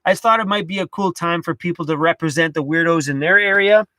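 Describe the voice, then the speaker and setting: A Canadian man hosting a casual livestream from inside a camper van, chatty and loose, with frequent fillers and quick apologies. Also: on the high side, bright, forceful tone, no room sound. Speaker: livestream host.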